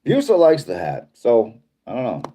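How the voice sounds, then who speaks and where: A man's voice: medium pitch, wildly swooping pitch, normal speed, dark tone. A middle-aged man from Boston with a Boston accent, hosting a casual livestream and reading viewer comments in a rambling, laid-back way. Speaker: livestream host.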